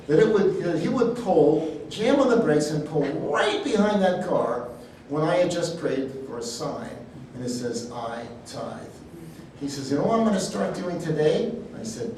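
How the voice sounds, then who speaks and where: A man teaching a sermon, telling personal stories in a folksy, animated way. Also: fairly high pitch, a little hiss or hum. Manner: storytelling, animated, folksy asides. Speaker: healing ministry teacher. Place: church hall. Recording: echoey hall, speaker far from the mic.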